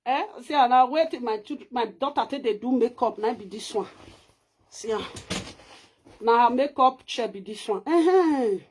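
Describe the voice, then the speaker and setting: A woman's voice: a little high, lively intonation, normal speed, slight background noise. A woman with a Nigerian Pidgin accent, chatting boastfully in a casual home-tour video and laughing often. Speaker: vlogger.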